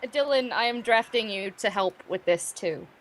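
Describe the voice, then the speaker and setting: A woman's voice: mid-range voice, expressive, normal speed, slight background noise. A woman co-hosting a game stream, chatting casually and playfully. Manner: giggly, playful. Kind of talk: casual chat.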